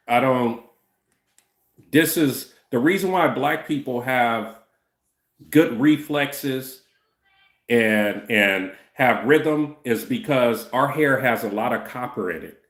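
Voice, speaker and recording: A man's voice: medium pitch, reverberant. A man in his fifties chatting loosely on a livestream, answering viewers' chat comments and often tacking on "you know what I'm saying". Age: 50s.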